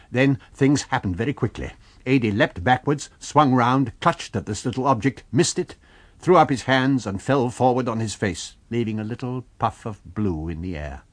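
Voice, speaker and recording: A man narrating a novel in a measured storytelling manner. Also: lowish voice, husky, no room sound. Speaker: audiobook narrator. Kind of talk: scripted narration.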